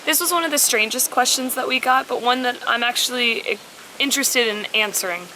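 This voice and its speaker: A woman's voice: on the high side, brisk, sharp tone, slight background noise, rough recording. A woman co-hosting a casual Q&A vlog, answering viewer questions in a chatty way. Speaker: vlog co-host. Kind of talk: casual Q&A chat.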